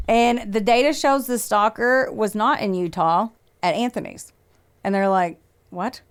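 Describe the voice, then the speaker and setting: A woman's voice: medium pitch, measured pace, clear, resonant tone. A woman hosting a podcast, telling a true-crime story in a casual, swearing, chatty way and acting out what people said. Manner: swears freely, acts out quotes, laughs often. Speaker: podcast host.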